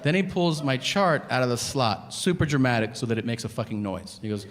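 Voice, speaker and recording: A man's voice: medium pitch, fairly quick. A man doing a stand-up set, telling a self-mocking, profane story and acting out both sides of a conversation. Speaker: stand-up comedian. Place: theater stage before a laughing audience. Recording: live hall with reverb and crowd noise.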